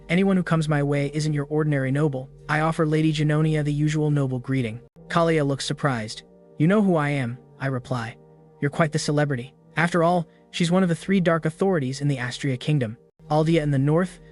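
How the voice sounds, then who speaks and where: A man narrates a fantasy recap in first person, his voice sitting a little high for a man. The delivery is steady and scripted throughout. A faint music bed plays under him. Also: fairly quick. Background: background music.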